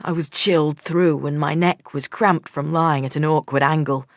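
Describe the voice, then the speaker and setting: A woman narrating a first-person audiobook in a measured, steady storytelling manner. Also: low-pitched, no echo, clean studio sound.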